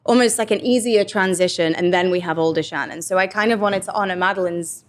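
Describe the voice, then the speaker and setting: A young woman with an English accent talks through her work as an actor in an easygoing interview. She speaks in a lowish voice and tells her stories with an animated, chatty manner, often slipping into quoted lines. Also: fast. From England. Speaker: actor guest. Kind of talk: casual interview chat.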